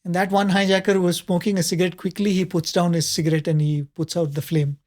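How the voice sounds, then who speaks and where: A man, a panelist telling a spiritual story in a conversational way, often pausing with fillers and soft laughs. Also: high-pitched, little pitch movement.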